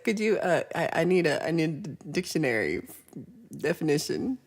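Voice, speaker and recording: A woman's voice: lowish voice, animated, normal speed, a little mellow. Chatty woman hosting a music livestream. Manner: chatty, laughs often, reads chat comments aloud. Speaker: livestream singer-songwriter host. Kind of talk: casual livestream chat between songs. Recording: faint guitar music behind.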